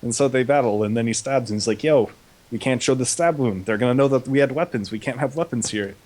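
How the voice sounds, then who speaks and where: A man's voice: medium pitch, fast, darkish tone. A young man casually recapping an episode with a comedic twist, paraphrasing the characters in slangy, offhand voices.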